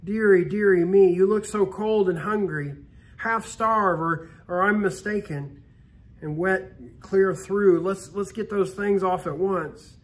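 A man's voice: high voice, steady tone, slow pace. Storybook figure: a motherly old woman who fusses and exclaims, lightly voiced by a man reading aloud. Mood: fussing. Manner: fussing, exclamatory. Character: elderly kindly woman, fussing and motherly.

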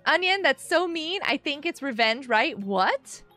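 A high, bright woman's voice that leaps all over the place as she chats through a live gaming stream. She's a bubbly mom in her thirties who giggles a lot and talks straight to her viewers. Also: expressive, measured pace, faint music behind.

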